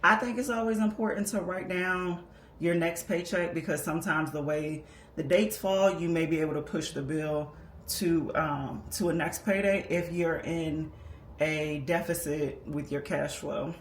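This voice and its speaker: A personal finance creator, a woman with a deep, fairly even voice, speaks a little slowly. She patiently and methodically walks viewers through a budgeting tutorial, explaining as she works on paper. The room is echoey with faint background noise.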